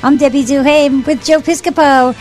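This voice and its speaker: A woman delivering a brisk traffic and weather report on morning radio. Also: high-pitched, steady tone, darkish tone, soft background music.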